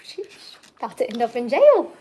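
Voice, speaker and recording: High-voiced woman chatting while eating. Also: huge pitch swings, moderate pace, dark tone, slight background noise. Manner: playful, teasing, talks with mouth full. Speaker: channel host. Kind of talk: casual mukbang chat.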